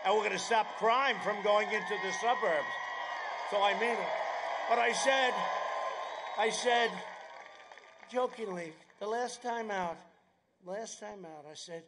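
A man giving a political rally speech outdoors at an airfield. He rambles, drifts into sarcastic asides, and bursts into shouting. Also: high voice, measured pace, a little hiss or hum. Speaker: campaign speaker.

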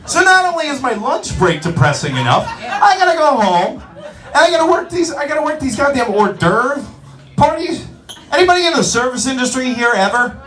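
A man doing a stand-up comedy set in a comedy club, brash, profane and animated. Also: extremely high pitch, a little fast, over music. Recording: roomy club sound from a distance, audience.

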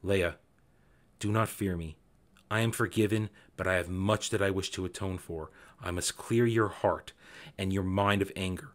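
A man reading aloud as a remorseful ghost of a father, speaking softly and mellowly in a deeper voice than his own. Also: steady tone, normal speed, natural voice. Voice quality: soft-spoken, hushed.

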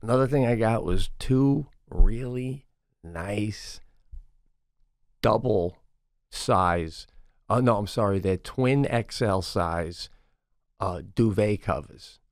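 A man in his forties co-hosting a podcast, chatting casually in an animated, profane way with rapid asides. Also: lowish voice, no room sound, clean studio sound. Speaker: podcast co-host. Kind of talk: casual chat.

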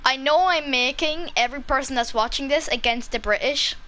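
A young Irish woman talks casually into her vlog, chatty and giggly, stumbling through ums as she goes. Her voice sits fairly high and sounds bright and crisp. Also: a little fast. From Ireland. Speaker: kids YouTuber.

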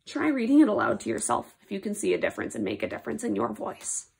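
A woman's voice: mid-range voice, wildly swooping pitch, fast, vocal fry, slightly rough. A woman reading a picture-free book aloud to children as a lesson, reacting with playful, exaggerated surprise to the silly words.

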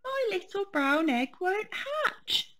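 A woman voicing an earnest little boy bear cub in a storybook, high and squeaky with excitement. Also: slow pace, full character voice. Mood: eager.

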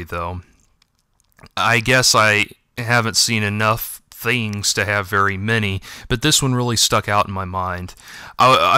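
A man reads a first-person story aloud in a gentle, reflective, wistful way. His voice is fairly low yet bright, smooth and crisp. The recording is close and dry. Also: dry recording. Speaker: audiobook narrator and author. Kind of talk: first-person audiobook narration.

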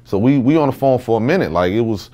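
A man's voice: mid-range voice, animated, fast talker, dark tone. A man recounting a story in emphatic, casual street talk.

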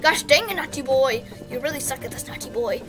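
A woman voicing a sadistic male moon animatronic who taunts his brother in a low, mocking sneer. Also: animated, a little fast, over music. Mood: mocking menace.

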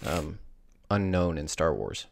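A man with a very low, deep voice, chatting casually as a podcast co-host. He drops wry, dry asides into the conversation. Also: sing-song, slow, creaky. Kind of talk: casual chat.

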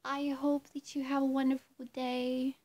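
A woman's voice: high voice, level tone, a little slow, a little mellow. A woman doing an impression of a flirty, doting pop-star woman who cooes, blows kisses and talks about herself by name.

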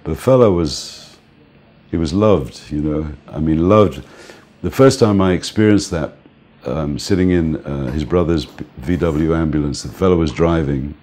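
An older man, a music manager, telling anecdotes in an interview, animated, laughing often and acting out the people he quotes. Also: extremely low pitch, measured pace.

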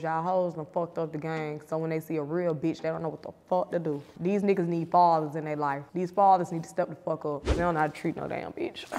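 A woman's voice: fairly low pitch, big-room sound, a little hiss or hum. A woman answering interview questions in a casual, blunt and profane way, playful in tone. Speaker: interview guest.

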